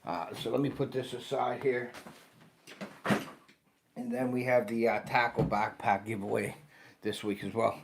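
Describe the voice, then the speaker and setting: An American man in his fifties talks through a casual livestream, greeting viewers one by one in a loose, friendly way. He sounds tired and yawns between remarks. His voice sits at an ordinary middle pitch. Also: little pitch movement, measured pace, creaky, long pauses, background noise. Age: 50s. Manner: chatty, greets viewers by name. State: tired, yawning. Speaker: outdoor channel host.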